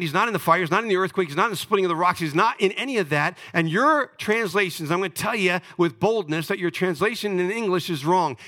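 Male pastor, middle-aged, sermon, bright forceful voice, dramatic swings from loud to hushed. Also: high-pitched.

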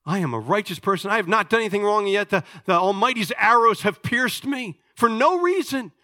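A man voicing Job as a suffering, righteous man who protests loudly and with passion. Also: fairly low pitch, a little slow. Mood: defiant.

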